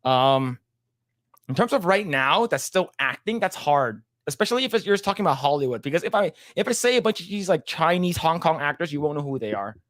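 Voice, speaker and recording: A man's voice: fairly high pitch, animated, a little fast, fairly bright tone, dry recording, studio quality. A man co-hosting a casual livestream podcast, reading chat comments aloud in a laid-back way and laughing often.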